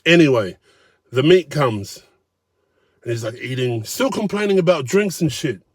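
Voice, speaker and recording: Man, blunt storyteller, casual profanity, mid-pitched, dry close sound. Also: expressive, moderate pace, breathy edge, dry recording. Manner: blunt, swearing, conversational.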